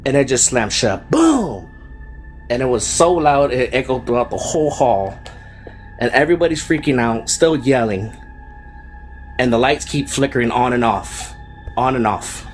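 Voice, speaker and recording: A man's voice: mid-range voice, moderate pace, faint music behind. A man telling a true ghost story in a casual, rambling way, full of fillers and slang. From Fresno, California. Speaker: storyteller guest.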